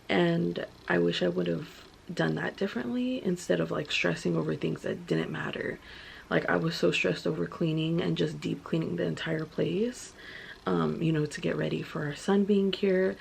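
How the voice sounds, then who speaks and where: Chatty young woman with gravelly fry. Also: lowish voice, fairly even intonation, moderate pace, a little hiss or hum. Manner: chatty, full of "like" fillers. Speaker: vlogger. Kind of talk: casual storytelling.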